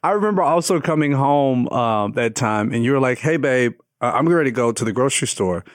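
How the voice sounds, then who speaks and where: A man's voice: mid-range voice, animated, fairly quick, no room sound, clean studio sound. Ontspannen man, grappend en droog opgenomen. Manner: joking, laid-back interjections. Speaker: podcast co-host. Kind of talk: casual banter.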